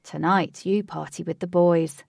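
A smug, confident young team captain in a storybook, speaking loud and upbeat, as a woman narrator puts him on. The voice is low and gravelly, recorded close and dry. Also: fairly even intonation, unhurried, no echo.

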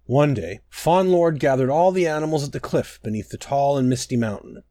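A man narrating a scripted druidic fable in a measured storytelling manner. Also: mid-range voice, expressive, mellow, no echo.

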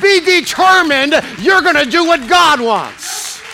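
A male bishop preaches a Pentecostal sermon in church, his gravelly voice slow and animated as he swings between low asides and shouted declarations. He urges the congregation to respond to one another, with background noise audible.

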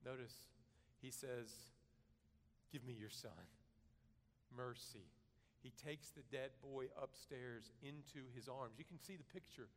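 Earnest preacher in a reverberant hall. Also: male voice, medium pitch, takes it slowly, long pauses. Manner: earnest preaching, swelling louder for emphasis and dropping soft. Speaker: pastor. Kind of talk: sermon.

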